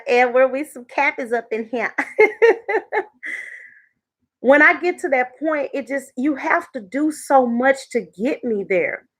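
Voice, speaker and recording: A woman's voice: on the high side, fairly bright tone. A woman hosting her first YouTube live stream, chatting casually with viewers and laughing often.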